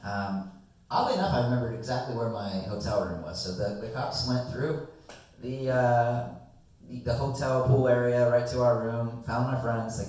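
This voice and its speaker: A young man telling a long, rambling story to friends in a casual chat, animated and swearing freely. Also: medium pitch, normal speed. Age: young adult. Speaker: guest storyteller. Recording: echoey room, distant mic.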